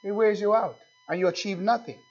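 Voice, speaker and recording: Man, preacher, sermon, fairly high pitch, husky voice, dull lo-fi recording. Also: fairly quick, a little mellow. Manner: emphatic, repetitive, calls out to congregation.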